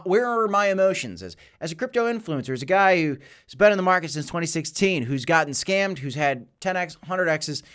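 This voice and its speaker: A man in his thirties hosting a livestream, chatting casually and answering viewer messages with animated, repetitive storytelling. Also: a little high, clear, resonant tone. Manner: animated storytelling with repeated phrases. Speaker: crypto livestream host. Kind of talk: casual livestream chat reading super chats.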